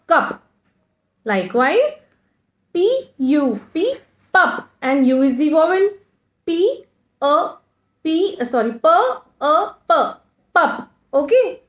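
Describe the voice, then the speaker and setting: A woman with an Indian English accent teaching a kindergarten phonics lesson, spelling words out letter by letter and answering her own questions. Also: high voice. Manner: slow, spells letters one by one, asks and answers herself. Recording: echoey room.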